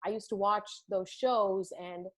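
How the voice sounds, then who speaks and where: A woman's voice: medium pitch, steady tone, measured pace. A young woman from India with an American accent, co-hosting a casual podcast and telling stories in an earnest, reflective way. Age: young adult. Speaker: podcast co-host. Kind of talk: casual chat.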